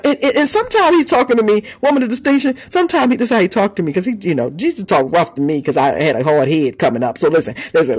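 A woman apostle preaching a sermon in a lively conversational way, breaking into laughs and shouts of praise. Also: mid-range voice, fast, hardly any pauses, slightly rough, faint music behind.

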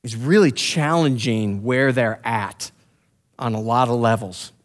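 A man's voice: medium pitch, unhurried. A man preaching through a Bible passage, reading verses and adding casual, slangy commentary while acting out the quotes. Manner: casual slangy asides, acts out quotes loudly. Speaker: pastor teaching a Bible passage. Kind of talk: expository sermon, reading scripture and commenting.

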